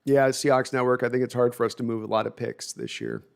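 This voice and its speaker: A man with a gravelly, mid-range voice hosts a casual live sports talk stream. He rambles through viewer comments with self-deprecating asides and keeps restarting his sentences. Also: medium pitch, sing-song, quick pace. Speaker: host reading viewer comments.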